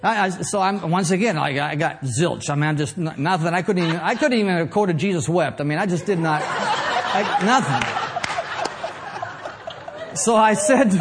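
A man's voice: high voice, expressive, normal speed, slight background noise. A middle-aged man preaching a sermon, telling a humorous story and then building into fervent preaching. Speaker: pastor.

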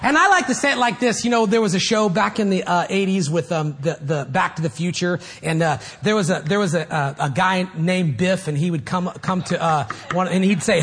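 A man preaching a sermon as pastor, animated and rising to loud shouts at times. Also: sits high, a little fast, few pauses, husky.

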